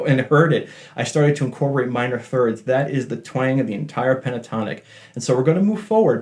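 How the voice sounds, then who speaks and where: A man's voice: medium pitch, warm tone. A man giving a casual guitar lesson in a chatty, joking way with self-deprecating asides. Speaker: guitar teacher. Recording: faint guitar playing behind.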